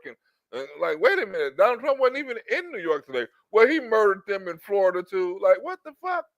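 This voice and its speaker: A man hosting a comedy show, giving loud, mocking, profane commentary on clips. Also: high voice, sing-song, fairly quick, dry recording, dull audio.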